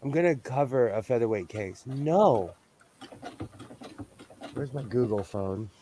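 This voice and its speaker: A man's voice: medium pitch, expressive, slow, dark tone, slight background noise. A man from the US West Coast hosting a casual sewing livestream, rambling from topic to topic and laughing often. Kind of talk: casual chat while sewing.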